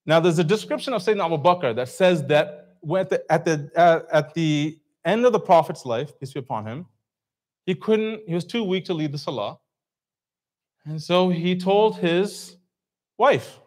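At a community talk in an event hall, a man with a high-pitched, expressive voice gives an informal religious talk to a live audience at a moderate pace. He keeps it conversational, asking the crowd questions and acting out reactions.

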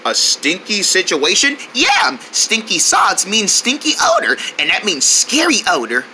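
A man's voice: high-pitched, huge pitch swings, unhurried, bright, forceful tone, a little hiss or hum. A man voicing goofy cartoon characters in playful, sing-song banter.

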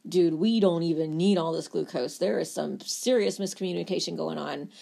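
A woman's voice: lowish voice, moderate pace, gravelly, warm tone, pitched below the performer's own voice. A woman voicing a baffled, laid-back kidney, talking in an offhand, slangy way. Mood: bemused.

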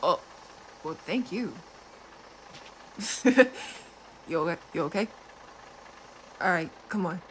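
A woman voicing Killua, a cool, easygoing and teasing teenage boy, in a fan role-play, speaking softly and calmly. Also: fairly low pitch, slow, pauses often, a little hiss or hum. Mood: amused.

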